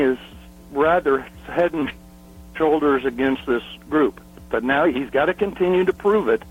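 Husky man breaking down horse races. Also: on the high side. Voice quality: husky, clears throat often. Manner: emphatic, piles up stats, rhetorical questions. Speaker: horse racing analyst. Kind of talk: racing analysis on a phone-in. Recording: phone line.

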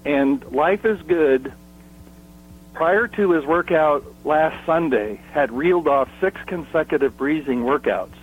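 A man who covers horse racing, giving emphatic analysis full of statistics and rhetorical questions, clearing his throat often. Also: on the high side, expressive, slow. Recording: phone line.

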